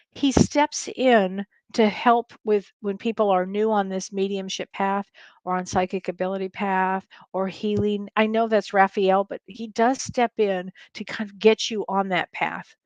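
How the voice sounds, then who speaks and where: A middle-aged woman hosting a live-stream Q&A as a spiritual medium, reading viewer comments and reassuring them with warm repetition. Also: mid-range voice, dry recording. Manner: warm, reassuring, repeats phrases for comfort.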